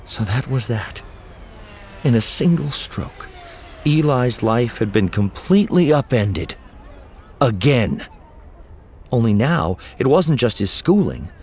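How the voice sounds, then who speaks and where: A man narrating an audiobook in an expressive, storytelling manner. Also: medium pitch, slight background noise. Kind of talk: scripted narration.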